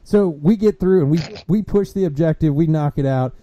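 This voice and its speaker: A man hosting a casual podcast chat, telling stories with animated mimicry of angry gamers. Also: a little high, normal speed. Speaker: podcast host. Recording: dull lo-fi podcast audio.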